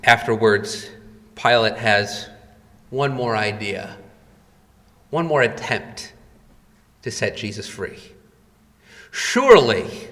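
A man's voice: mid-range voice, expressive, takes it slowly, pauses often, pushed and bright. A man preaching a sermon, retelling scenes dramatically and rising in volume for quoted cries. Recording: long reverb of a hall.

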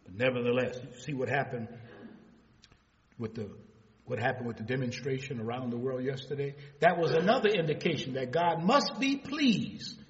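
Older preacher in a reverberant hall. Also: male voice, lively intonation, normal speed, a little hiss or hum. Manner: rising to loud, high-pitched preaching bursts; retells exchanges in a storytelling voice. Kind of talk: sermon. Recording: dull audio with long hall reverb.

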